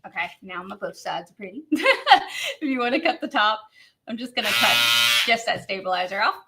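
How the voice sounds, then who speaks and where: A woman's voice: on the high side, big pitch swings, normal speed, gravelly, heavy background noise. A woman hosting a live craft demo, chatty and bubbly, laughing often as she reads viewer comments.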